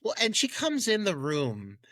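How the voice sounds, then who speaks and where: A man with a high voice that swoops all over, co-hosting a film podcast. He rants and gushes with plenty of swearing. The sound is dry and close. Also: a little slow, no room sound. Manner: animated, profane, gushing. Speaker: podcast co-host. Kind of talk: casual film review chat.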